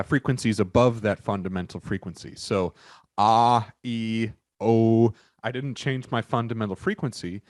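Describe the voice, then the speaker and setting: A man giving a recorded lecture, explaining in a halting way with many fillers and restarts. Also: on the low side, no echo.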